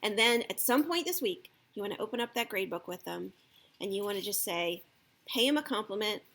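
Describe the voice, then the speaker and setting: A woman's voice: mid-range voice, lively intonation, brisk, fairly bright tone. A woman giving casual parenting advice, checking in with her listeners with frequent "okay?" and "right?". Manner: acts out the parent's lines in a lifted voice. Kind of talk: casual advice talk to camera.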